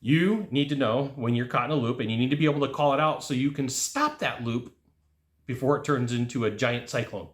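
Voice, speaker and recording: A man giving a casual, jokey motivational sales talk, acting out quotes with sudden jumps in pitch. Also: a little fast, roomy sound. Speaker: sales coach.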